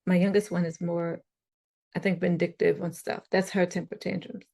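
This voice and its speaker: Casual podcast guest: woman with a gravelly voice, chatty and animated. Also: lowish voice, moderate pace. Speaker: guest parent.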